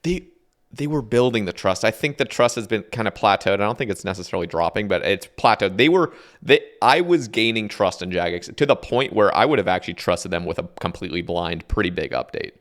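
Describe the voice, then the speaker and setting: A man's voice: fairly low pitch, lively intonation, fairly quick, fairly bright tone. A man hosting a casual podcast, agreeable and easygoing, often repeating himself. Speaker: podcast host.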